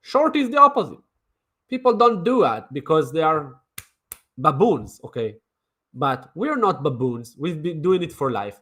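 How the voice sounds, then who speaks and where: A man's voice: fairly high pitch, very animated, a little slow. A man streaming crypto trading commentary in a brash, mocking way, swearing and repeating himself. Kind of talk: casual livestream commentary.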